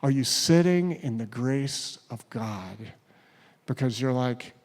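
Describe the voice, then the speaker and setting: A man preaching a sermon, retelling a story with acted quotes and dropping to a hush at key points. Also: mid-range voice, measured pace. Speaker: pastor.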